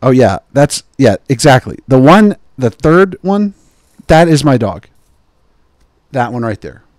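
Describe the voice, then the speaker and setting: A man hosting a podcast, telling jokey, digressive stories and slipping into quick impressions of the people he quotes. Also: medium pitch, sing-song, darkish tone, no echo, studio quality. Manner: digressive, joking, mimics people in quoted asides. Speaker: podcast host. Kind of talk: rambling comedic podcast chat.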